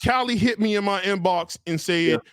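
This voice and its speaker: A man's voice: high voice, moderate pace, clear, resonant tone, no echo, clean studio sound. A man hosting a casual livestream chat, laid-back and direct, often calling people brother. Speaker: show host.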